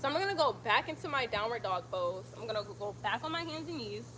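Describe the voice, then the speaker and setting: A woman guiding a yoga stretch routine with steady breathing cues and casual asides. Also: a little high, fast, background noise. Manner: calm breath cues, chatty when reading comments. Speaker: yoga instructor. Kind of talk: guided yoga instruction.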